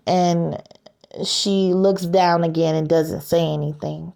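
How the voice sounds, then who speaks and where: A woman's voice: lowish voice, fairly even intonation, slow pace, gravelly, a little mellow. A woman casually retelling a story scene, hesitant, with many filler sounds.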